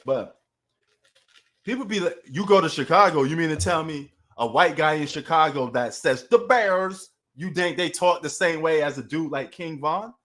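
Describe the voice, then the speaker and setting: A man with a Queens New York accent hosts a loose, slangy sports livestream. He talks straight to his chat in a casual flow, and his voice sits a little high for a man. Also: moderate pace, a bit bright.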